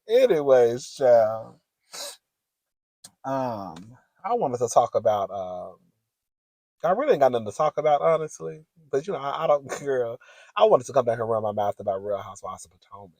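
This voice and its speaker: A man's voice: mid-range voice, very animated, moderate pace, a little mellow, no room sound. A man vlogging in a sassy, giggly gossip chat, calling the audience "girl" often. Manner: chatty, sassy, giggly, says "girl" a lot.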